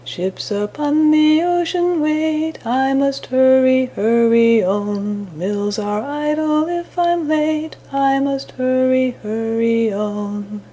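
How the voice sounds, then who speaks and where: A woman voicing an old female wind spirit who croons a slow song in a high, husky voice. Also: mellow, soft background music. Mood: crooning.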